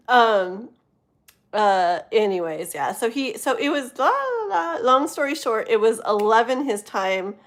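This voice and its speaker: A woman in her thirties from the US West Coast, chatting casually on a live stream as a tarot reader, giggling often and easily sidetracked, sometimes dropping to a hushed voice. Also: medium pitch. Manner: drops to a hushed voice at times. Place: home with thin walls.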